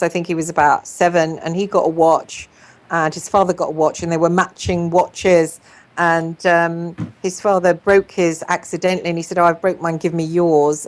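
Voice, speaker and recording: A woman psychotherapist hosting a show, telling stories in a casual, rambling way with many pauses and restarts. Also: fairly low pitch. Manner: storytelling, many ums and restarts. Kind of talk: casual group chat.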